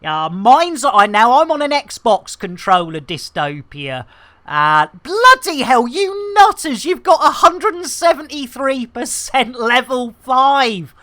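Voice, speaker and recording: A woman chatting casually on a game live stream, greeting and thanking viewers with lively exclamations. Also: sits high, slow pace.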